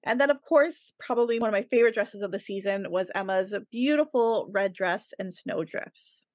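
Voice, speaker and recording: A woman's voice: mid-range voice, moderate pace, no echo. A woman co-hosting a casual podcast, enthusiastically listing her favorite costumes with frequent giggles. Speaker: podcast co-host. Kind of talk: casual chat.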